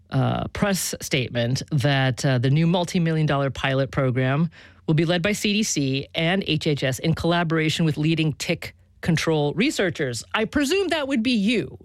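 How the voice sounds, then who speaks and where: A woman hosts a public radio interview from a studio. She asks measured, probing questions and keeps them loose with casual fillers. The sound is dry and close, with no room around it. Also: low voice, no room sound. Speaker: radio show host. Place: studio in Boston.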